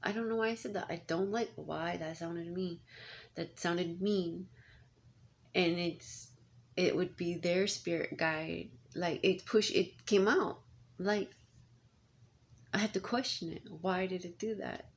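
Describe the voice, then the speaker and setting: A woman's voice: lowish voice, fairly even intonation, a little slow. A woman in her thirties, a parent, talking in a casual, rambling monologue full of restarts and asides. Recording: faint background noise.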